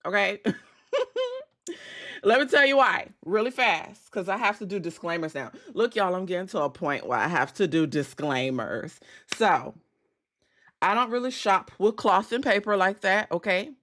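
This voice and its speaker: A woman's voice: mid-range voice, animated, normal speed, fairly bright tone. Blunt, profane woman streaming at dawn. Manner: blunt, profane, chatty with viewers. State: voice cracking, just woke up. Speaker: livestream host. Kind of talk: casual livestream chat.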